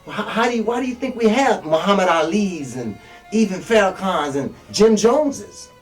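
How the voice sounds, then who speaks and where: Blunt, profane preacher man, lively pitch. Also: normal speed. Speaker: self-styled minister. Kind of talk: profane street sermon to camera. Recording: distant mic with faint music.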